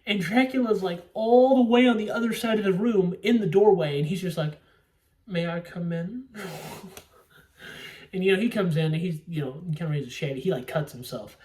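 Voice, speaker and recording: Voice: medium pitch, moderate pace, dark tone, far from the mic. A young adult movie reviewer chatting casually, rambling, swearing freely and laughing often. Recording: roomy sound, away from the mic.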